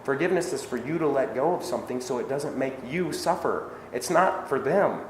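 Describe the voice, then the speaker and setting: A man's voice: medium pitch, expressive, a little fast. A man giving a spiritual self-help lecture, asking rhetorical questions and acting out everyday dialogue. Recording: echoey hall with faint ambient noise.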